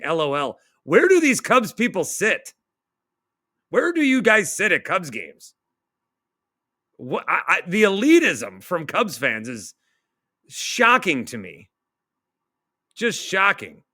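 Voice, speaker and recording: Man, middle-aged, radio host, sarcastic ranting, slightly high voice, dry close sound. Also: dry recording. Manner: sarcastic, animated rant. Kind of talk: reading and mocking online comments.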